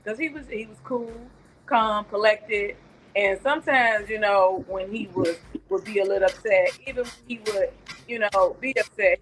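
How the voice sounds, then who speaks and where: A woman's voice: medium pitch, normal speed, fairly bright tone, low-quality recording. A middle-aged woman, a guest and aunt, reminiscing in a chatty, rambling storytelling way. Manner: chatty storytelling, many asides. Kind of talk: casual reminiscing.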